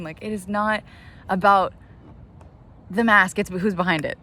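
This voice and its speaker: A woman vlogging outdoors in the sun, rambling excitedly about her life, saying "like" constantly and swearing freely. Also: medium pitch, a little fast. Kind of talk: casual self-talk vlog.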